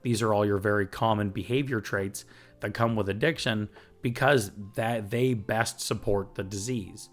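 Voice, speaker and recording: A man's voice: on the low side, fairly even intonation, normal speed, faint music behind. A man hosting a recovery podcast, talking earnestly and getting fired up, with the odd swear and laugh. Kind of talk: reflective recovery podcast talk.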